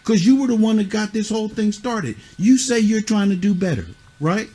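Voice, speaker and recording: High-voiced middle-aged man as a tough mentor, scolding kids bluntly. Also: moderate pace, warm tone. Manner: scolding, repeats "huh?" and "you see what I'm saying"; blunt, curses. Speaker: youth mentor. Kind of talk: stern lecture to children.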